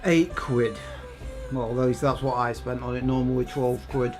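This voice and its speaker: A man's voice: mid-range voice, flat delivery, normal speed, over music. A man doing casual, exasperated game commentary with plenty of swearing. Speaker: gaming YouTuber.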